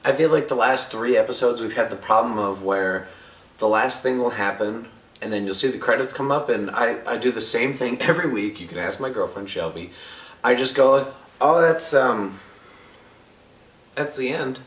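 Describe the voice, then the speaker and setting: Male vlogger reviewing a show, lively up-and-down delivery, recorded a bit off-mic in an echoey room. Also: mid-range voice, far from the mic. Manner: animated, jokey and loose, with crude asides. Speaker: TV episode reviewer. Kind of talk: casual video review.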